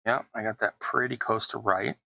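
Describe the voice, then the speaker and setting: At a moderate pace, a middle-aged terrain-crafting YouTuber chats through his tabletop build, self-deprecating and prone to rambling asides. His voice sits on the low side, steady, gravelly, bright and forceful, on poor audio with no echo.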